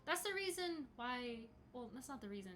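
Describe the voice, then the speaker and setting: A woman's voice: high voice, big pitch swings, moderate pace, a bit bright, slight background noise. A young woman in her twenties hosting a casual livestream from home, chatty and swearing freely as she greets chatters by name. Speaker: podcast host live-streaming to chat.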